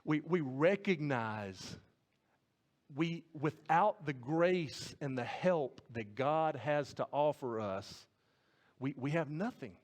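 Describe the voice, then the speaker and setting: A man's voice: a little high, animated, slow. A man preaching a sermon as pastor, earnest, often repeating and restarting words and putting questions to the congregation.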